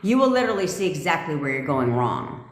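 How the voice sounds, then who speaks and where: A woman's voice: low-pitched, big pitch swings, fast, reverberant. A woman manifestation coach talking bluntly and profanely on a casual livestream rant, often laughing.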